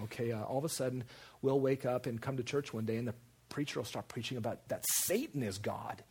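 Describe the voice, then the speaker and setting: A man preaching a sermon, animated, repeating phrases for emphasis and jumping into quoted voices. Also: mid-range voice, fairly quick, husky.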